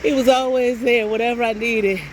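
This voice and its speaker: A woman's voice: on the high side, normal speed. Middle aged lady on a walk chatting into her phone, laughs a lot, swears, faint noise around. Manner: animated, laughing often, swears freely. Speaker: vlogger. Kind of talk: casual storytelling chat. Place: outdoors on a walk.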